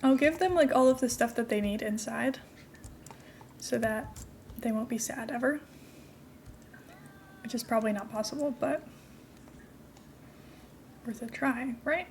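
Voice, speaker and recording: A woman's voice: fairly high pitch, unhurried, long pauses, darkish tone, a little hiss or hum. A woman streaming a building game, chatting casually and giggling as she talks to herself and her viewers.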